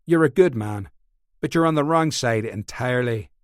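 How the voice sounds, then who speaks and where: A man voicing a weary, grim former army colonel who speaks softly and in clipped phrases. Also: medium pitch, expressive, moderate pace, no room sound, studio quality, close to an everyday voice. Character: weary Welsh ex-soldier, quiet and grim.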